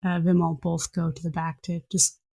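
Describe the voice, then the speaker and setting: A woman's voice: fairly low pitch, monotone, moderate pace, vocal fry, warm tone, husky. A woman narrating as game master of a tabletop game in a casual, filler-laden way.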